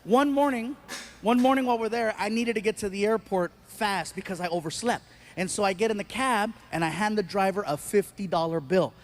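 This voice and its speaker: A man performing stand-up comedy, telling a story in an animated way with bursts of shouting. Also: sits high, brisk, a little hiss or hum.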